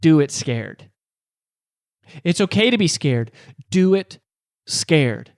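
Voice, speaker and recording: Man playing a steady insistent firefighter, coaxing, repetitive, dry sound. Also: fairly high pitch, takes it slowly, dry recording, full character voice. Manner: steady, repeating a phrase over and over. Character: calm insistent male firefighter.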